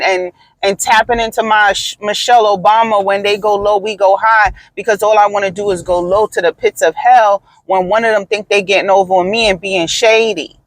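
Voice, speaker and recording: A woman's voice: mid-range voice, steady tone, moderate pace, hardly any pauses, no room sound, low-quality recording. Blunt, profane woman ranting on a podcast. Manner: blunt, profane, emphatic storytelling. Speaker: podcast host. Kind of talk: casual podcast rant.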